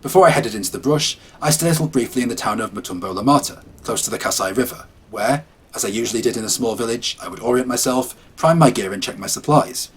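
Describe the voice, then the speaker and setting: A man telling a first-person horror story as scripted narration, in a calm, measured way. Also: mid-range voice, breathy edge.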